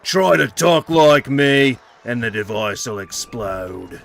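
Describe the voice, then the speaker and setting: A man voicing a theatrical male announcer who makes slow, loud, mock-dramatic threats in a put-on Australian accent. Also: mid-range voice, expressive, gravelly, full character voice. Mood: mock menacing. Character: menacing male store-bomb announcer, theatrical.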